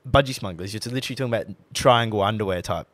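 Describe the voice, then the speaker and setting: A man's voice: fairly low pitch, rapid-fire, fairly bright tone, dry recording. A young Australian man co-hosting a podcast in casual chat, rambling and acting out texts in voices. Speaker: podcast co-host.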